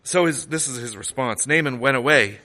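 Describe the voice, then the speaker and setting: A man preaching a sermon, retelling stories in an animated, conversational way with frequent restarts. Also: mid-range voice, a little fast. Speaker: pastor.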